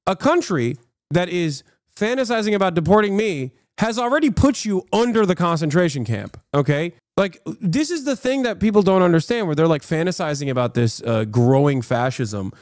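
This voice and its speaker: A man's voice: high voice, big pitch swings, normal speed, darkish tone, no room sound, studio quality. An American man live-streaming, reacting to posts and chat in a profane, combative, mocking rant. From United States.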